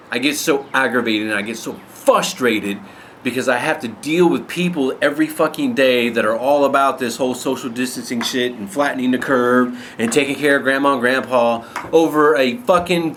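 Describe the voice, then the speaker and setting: Pissed-off guy ranting to camera, swears constantly, mid-pitch voice, bit of hiss behind. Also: a bit bright. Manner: angry, blunt, heavy swearing. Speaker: vlogger ranting to viewers. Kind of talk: angry profane rant to camera.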